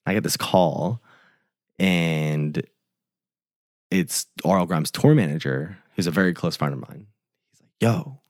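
A man's voice: sits low, measured pace, long pauses, no echo, clean studio sound. A young man, a tour photographer, telling a story in a loose, swearing way and acting out the quoted dialogue. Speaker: tour photographer, podcast guest. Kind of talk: casual storytelling.

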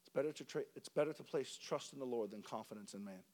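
A male pastor preaching a sermon, moving from quiet, rapid lists of short phrases to loud, sing-song preaching. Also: mid-range voice.

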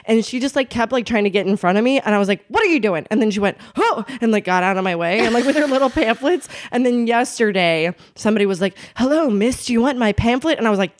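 A young woman from Albuquerque in casual chat, animated, laughing often and swearing freely. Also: fairly high pitch, fairly quick, few pauses. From Albuquerque, New Mexico.

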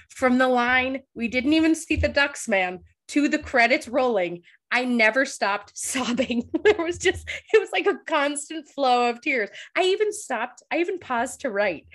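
A woman's voice: high-pitched, a bit bright. A woman co-hosting a podcast, chatting about a TV episode in a talkative, emotional way. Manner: emotional, talkative, laughs and gets teary. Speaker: podcast co-host. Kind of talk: casual chat recapping a TV episode.

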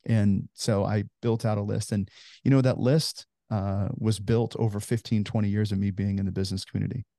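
Man in his 40s, gravelly voice, dark and mellow, earnest storytelling as an interview guest. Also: lowish voice, fairly even intonation, a little fast, no echo, clean studio sound. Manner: earnest storyteller, heavy on "you know" fillers. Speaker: ministry founder, guest.

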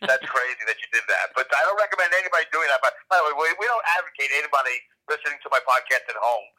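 This podcast guest, talking from his car through a phone headset, sounds tinny over the line. He's a self-deprecating joker with a mid-range, sharp, expressive voice who speaks very fast yet keeps stalling on ums in the casual chat.

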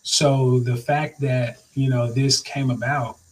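A young man tells a personal story in a relaxed, conversational way. He acts out his own thoughts as he goes and often breaks into a laugh. His voice is average in pitch and sounds a little distant from the microphone. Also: slow. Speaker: storyteller recounting his accident. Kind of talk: casual spoken storytelling. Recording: voice a bit distant from the mic.

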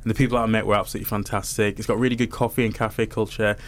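A man casually telling his co-hosts about a trip, lively and animated as he recounts the people he met. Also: lowish voice, racing. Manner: animated storyteller, acts out the people he quotes. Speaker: podcast co-host. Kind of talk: casual chat.

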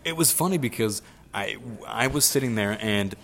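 A man's voice: fairly low pitch, animated, moderate pace, gravelly, a bit bright. A young man casually telling a rambling story, swearing freely and acting out the voices of the people he quotes.

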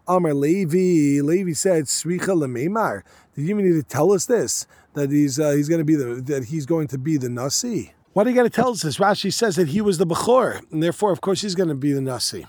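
Slightly high-voiced man teaching Talmud. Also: darkish tone, no echo. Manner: reads Aramaic in quick bursts, then explains in casual English; conversational, asks rhetorical questions. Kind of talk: line-by-line Talmud class.

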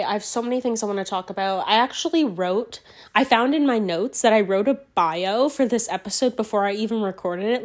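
A woman hosting a solo podcast, hoarse from a cold, talking in a rambling, profane and playfully sassy way. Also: a little high. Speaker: podcast host.

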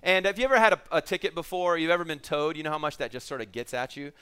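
Bright-voiced male preacher telling a story. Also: fairly high pitch, very fast, clean tone. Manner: storytelling with acted quotes, rising and falling emphasis. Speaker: pastor. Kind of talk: sermon.

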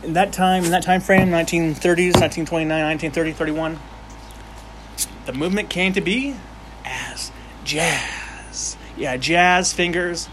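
A man's voice: fairly high pitch, fairly quick, noisy background. A man giving a casual, unscripted history explainer, rambling and joking with frequent restarts and self-corrections. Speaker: amateur history presenter.

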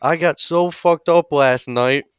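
A man voicing a loud, boastful, drunk frat guy in a comedy sketch, brash and swearing. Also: a little high, takes it slowly, clean tone, no echo, clean studio sound, voice pushed up.

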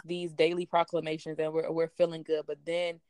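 A woman's voice: low voice, monotone, fairly quick, a little mellow, clean tone. A woman hosting a faith podcast asks reflective questions and quotes scripture in an encouraging way. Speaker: podcast host. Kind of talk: faith-based podcast conversation.

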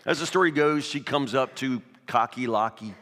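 A man's voice: medium pitch, moderate pace, fairly bright tone. A man preaching a sermon, first reading scripture aloud, then telling a children's fable in a loose, repetitive way. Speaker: pastor. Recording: long reverb of a hall.

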